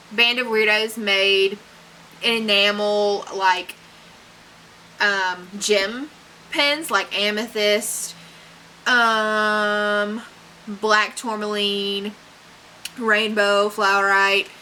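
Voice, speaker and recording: A woman's voice: mid-range voice, level tone, very slow, bright, forceful tone, slight background noise, poor audio. A young woman unboxing books in a casual vlog, chatty and gushing, with fillers and little laughs. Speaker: book unboxing vlogger. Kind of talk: casual unboxing chat, reading blurbs aloud.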